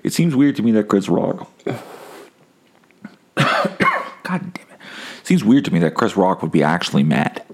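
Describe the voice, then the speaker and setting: A man's voice: low-pitched, sing-song, fairly quick, a little mellow. A man hosting a casual solo podcast, rambling and wry, swearing freely. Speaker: podcast host.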